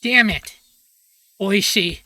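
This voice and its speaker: A woman puts on a hot-tempered teenage girl who leads her class and scolds loudly, her voice pushed high and bright. She shouts her words at full force in this storybook reading. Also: measured pace, no echo. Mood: furious.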